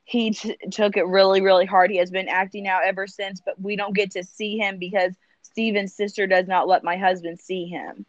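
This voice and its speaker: A woman's voice: mid-range voice, flat delivery, moderate pace, few pauses, no room sound. A woman client recounts what happened, plainly and in detail. Her voice comes through dull and dry, with no room sound around it.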